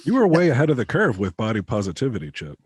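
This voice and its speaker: A man's voice: mid-range voice, wildly swooping pitch, quick pace, a little mellow, slightly rough, no echo. A man guest on a comedy podcast who chats casually and makes dry, sardonic remarks. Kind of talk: casual chat. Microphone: video call.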